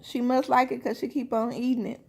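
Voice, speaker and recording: A fairly high-voiced woman vlogger chats casually through a snack taste test. She keeps turning to viewers with "you guys" and hums over her food between remarks. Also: fairly even intonation, gravelly, breathy edge. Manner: talks while eating, with drawn-out "mm" sounds.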